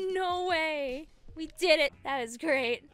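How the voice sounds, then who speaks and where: A woman giving chatty let's-play commentary while she plays, excitable and laughing often, with faint game music behind her. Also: high-pitched, slow. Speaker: gaming video creator.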